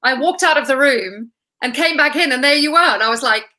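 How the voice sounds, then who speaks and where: A woman hosts an interview with a fairly high, very bright and forceful voice. She sounds enthusiastic and playful, and she pays her guest compliments as she chats. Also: a little fast, rough recording. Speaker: interview host. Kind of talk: casual interview chat.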